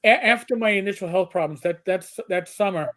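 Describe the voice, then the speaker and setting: A man in his fifties hosting a casual livestream chat, telling stories in an animated, rambling way with many restarts. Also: high-pitched, a little fast. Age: 50s. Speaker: host.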